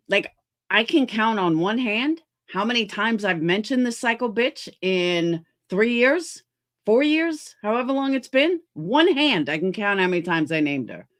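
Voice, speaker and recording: A woman streamer ranting heatedly about other creators, swearing often and sounding exasperated. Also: medium pitch. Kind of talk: livestream commentary rant.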